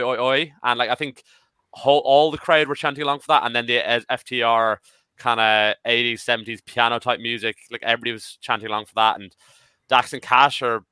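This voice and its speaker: A man of about thirty chatting as a podcast panelist, excitable and swearing casually. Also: mid-range voice, clean tone, no room sound. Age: 30s. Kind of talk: casual chat.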